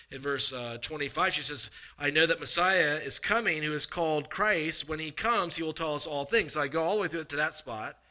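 A man preaching a sermon, swinging from emphatic raised passages to low, confiding asides. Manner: animated, rising to emphatic bursts, then dropping low and confiding.

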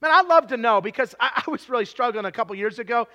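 High bright-voiced guy in his 40s preaching, animated storytelling, trips over his words a lot. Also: quick pace. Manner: animated storytelling with many restarts, dropping to a hushed tone for confession. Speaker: pastor. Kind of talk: sermon.

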